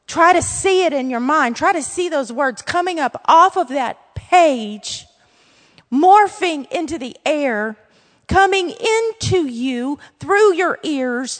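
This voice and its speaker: A woman with a Louisiana accent teaching a Bible lesson in an earnest, emphatic way, breaking off now and then for quick asides. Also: high-pitched, fairly bright tone, long reverb tail.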